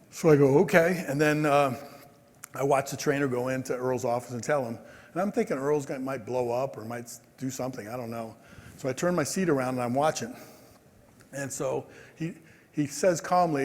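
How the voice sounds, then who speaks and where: A man in his sixties giving a conference speech, telling stories in a lively way and acting out the people in them. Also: medium pitch, fairly quick. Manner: animated, acts out quoted people. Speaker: keynote speaker. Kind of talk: storytelling speech. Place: large convention hall. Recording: long hall reverb.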